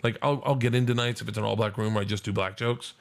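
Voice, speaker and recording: A man's voice: lowish voice, fast talker, creaky. A man in his forties telling stand-up stories in a casual podcast chat, swearing freely and acting out the people in them. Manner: animated, profane, acts out voices in his stories. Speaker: stand-up comedian guest.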